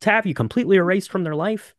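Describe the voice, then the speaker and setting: A man's voice: high-pitched, racing, no echo, clean studio sound. A man co-hosting a podcast, casually recapping a film with many fillers and restarts. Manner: rambling, frequent fillers and restarts. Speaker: podcast co-host. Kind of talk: casual movie recap chat.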